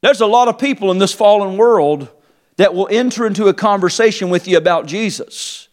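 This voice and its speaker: A man preaching with a very high voice. His sermon rises into fervent, shouted emphasis, then drops back to quiet, low asides. He addresses a congregation as their preacher. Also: brisk. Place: church service before a congregation.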